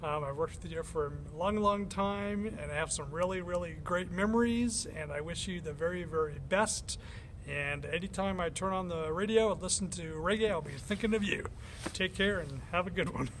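A man's voice: sits high, a little hiss or hum. A man recording a sad farewell message to a longtime coworker, drawing out his words. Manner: drawn-out, sad.

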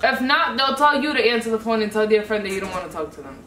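A young woman co-hosting a casual group chat, telling animated stories and slipping into Spanish for quotes. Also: a little high, fast, slight background noise. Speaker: co-host. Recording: echoey room, mic at a distance.

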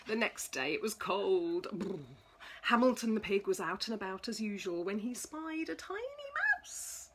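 A woman reading a children's storybook aloud, slow and expressive. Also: mid-range voice, breathy edge. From England.

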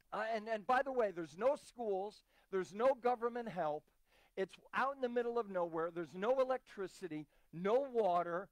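A man's voice: high voice, no room sound. A man preaching a sermon as a visiting missionary, emphatic and repeating key phrases. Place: church.

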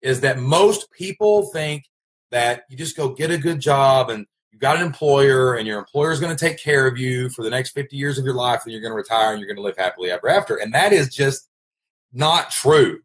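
A man's voice: medium pitch, brisk. A man with a Kentucky accent hosting a casual vlog, speaking in a folksy, emphatic way and often repeating his phrases. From Kentucky, United States. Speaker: host, online business coach.

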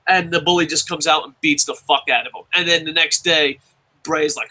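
A man's voice: a little high, brisk, low-quality recording. A young man hosting a podcast, chatting casually and profanely as he reads out listener comments. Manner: profane, rambling, excitable. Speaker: podcast host.

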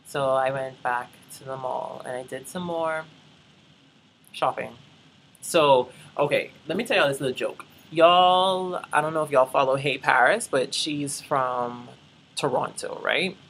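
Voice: medium pitch, pushed and bright, slight background noise, low-quality recording. A young adult from the Bahamas, telling a rambling, chatty travel story and talking straight to viewers. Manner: chatty, addresses viewers as y'all, rambling asides. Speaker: vlogger. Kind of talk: casual travel vlog storytelling.

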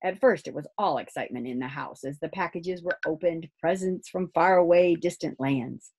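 A woman reading a children's book aloud in an expressive storytelling voice. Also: on the low side, normal speed, slightly rough.

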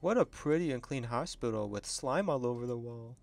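A man giving excitable, chatty gameplay commentary and laughing often as a gaming video creator. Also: medium pitch, brisk, gravelly.

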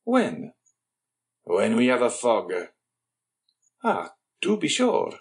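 A man's voice: medium pitch, huge pitch swings, takes it slowly, exaggerated voice. A man reading an audiobook, voicing a suave count who questions and tempts a clerk with pointed questions. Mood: curious.

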